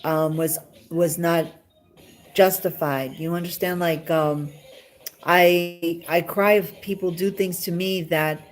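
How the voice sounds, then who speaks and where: A woman's voice: fairly low pitch, fairly even intonation, takes it slowly, soft background music. Emotional, rambling woman live-streamer. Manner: emotional, repetitive questioning, rambling. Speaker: live-stream host talking to a viewer. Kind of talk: casual live-stream chat.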